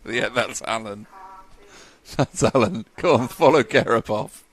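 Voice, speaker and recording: A man's voice: mid-range voice, unhurried. A man giving live commentary at a model car race, chatty and joking, laughing often.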